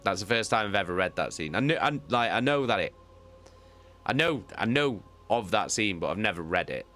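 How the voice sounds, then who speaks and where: A man with a very low, bright and forceful voice chats casually with his live audience. He is animated, swears freely and often repeats himself. Soft music plays faintly behind him. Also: fairly quick. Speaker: audiobook reader and streamer. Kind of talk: casual chat with live viewers.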